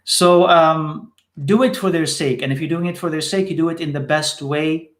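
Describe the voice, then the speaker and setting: A man's voice: fairly high pitch, normal speed, echoey room. A man teaching in a live question-and-answer session, repeating short phrases for emphasis.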